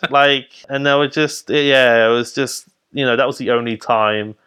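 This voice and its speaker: A man's voice: mid-range voice, fairly even intonation, normal speed, sharp tone, smooth. Rambling man telling stories. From Birmingham, England. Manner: rambling, filler-heavy, profane storytelling. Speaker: guest cartoonist. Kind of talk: casual podcast chat.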